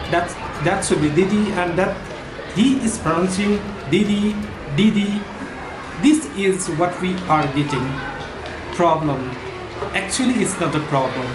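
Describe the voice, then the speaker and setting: A man with a Nepali accent explaining classroom language examples, halting with many fillers and restarts. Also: high voice, noisy background. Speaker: teacher. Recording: roomy, distant mic with music.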